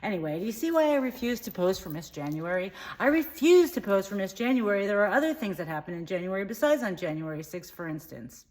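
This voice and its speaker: Fast and with few pauses, her lowish voice swings widely in pitch as she performs the dim, bigoted character. The satirical monologue jumps between tangents, with rambling and misheard words throughout.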